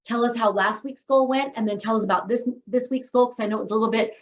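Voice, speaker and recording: A woman with a slightly high voice talks quickly as she hosts a writers' training call, casual and enthusiastic, tossing in emphatic asides. It's a relaxed video-call discussion captured in dull, lo-fi call audio.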